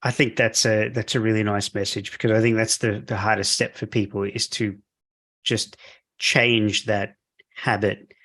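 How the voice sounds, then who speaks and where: Encouraging podcast host, lowish voice. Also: male voice, flat delivery, moderate pace, a bit bright. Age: middle-aged. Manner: enthusiastic, encouraging, laughs easily. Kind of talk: casual interview chat.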